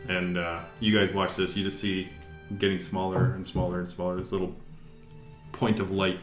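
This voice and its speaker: A low-voiced man narrates a tabletop game as its game master. He talks in an easygoing, chuckling way, filling pauses with little fillers. The room sounds roomy, with faint music underneath. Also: flat delivery, vocal fry.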